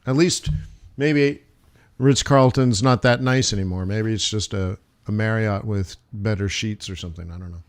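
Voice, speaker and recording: An American forex trader hosts a live stream from his home studio, casually rambling through a travel story with lots of restarts and laughter. His voice is fairly low and his speed normal.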